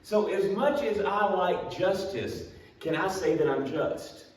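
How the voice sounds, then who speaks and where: A man's voice: sits high, animated, slow. A man teaching a church Bible class, telling stories in a plainspoken, self-deprecating way. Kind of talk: storytelling Bible class lesson. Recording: echoey room, mic far off.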